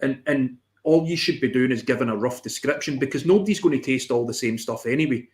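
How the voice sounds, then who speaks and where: A man's voice: mid-range voice, fast talker. A man co-hosting a casual live chat, talking in a hesitant way with many repeated words. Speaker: co-host.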